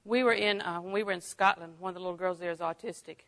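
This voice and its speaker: Bright-voiced older woman teaching scripture. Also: lowish voice, fast. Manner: lively, laughing often, acting out inner thoughts. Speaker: Bible teacher. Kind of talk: sermon.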